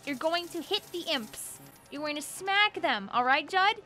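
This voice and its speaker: A woman hosting a gaming channel, giving excitable, joking let's-play commentary and talking to the characters on screen. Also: high-pitched, normal speed, soft background music.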